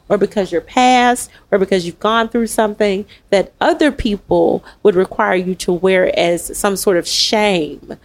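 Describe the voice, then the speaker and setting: A woman hosting a candid online panel talk, speaking earnestly and with animation, with quick asides and laughs, over a video call. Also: medium pitch. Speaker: host and summit founder.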